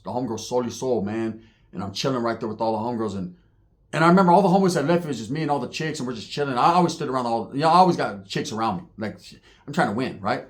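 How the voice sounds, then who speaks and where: A man telling street stories in a casual, profane, slang-heavy way, acting out the voices of the people in them. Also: on the high side. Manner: acts out voices, laughs while telling. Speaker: storyteller on his own channel.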